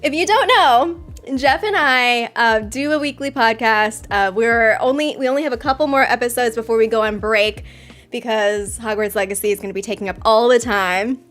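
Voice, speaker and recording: Young woman streamer, high-voiced, giddy and easily excited, chatting casually with her viewers, faint music underneath. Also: normal speed. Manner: excitable, bursts into squeals and laughter. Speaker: livestream host. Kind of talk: casual livestream chat.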